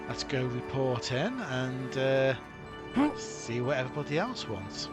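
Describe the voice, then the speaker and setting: A man's voice: medium pitch, measured pace, over loud music. Man musing through gameplay commentary. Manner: musing to himself, with frequent fillers and restarts. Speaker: gaming video host.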